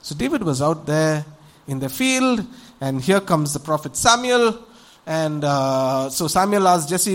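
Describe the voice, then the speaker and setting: A male preacher with a high voice tells a Bible story in a lively, conversational sermon. His pitch rises and falls widely, and he keeps checking in with the audience through rhetorical questions. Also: normal speed. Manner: animated storytelling with acted voices.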